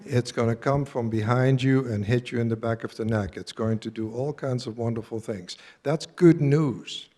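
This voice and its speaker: A man's voice: mid-range voice, steady tone, moderate pace, hardly any pauses, darkish tone. A man in his seventies giving a live talk to an audience, earnest and direct, quizzing his listeners. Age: 70s. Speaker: workshop speaker.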